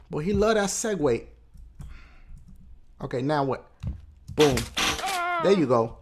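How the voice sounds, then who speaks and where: A man hosting a let's play channel, loud and excitable, swearing a lot and shouting at the game. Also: fairly high pitch, unhurried, long pauses. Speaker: gaming channel host.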